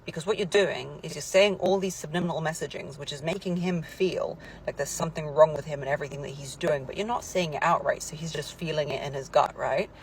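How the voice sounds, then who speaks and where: A woman's voice: sits low, fairly quick, hardly any pauses, slight background noise, rough recording. A woman giving relationship advice in an emphatic, lecturing monologue.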